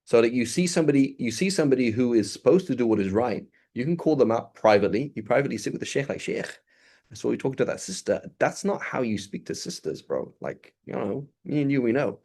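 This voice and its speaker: A man teaching a religious lesson in a casual, conversational way, acting out little dialogues as he goes. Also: mid-range voice. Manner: animated, acts out dialogue in quick asides. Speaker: Islamic teacher.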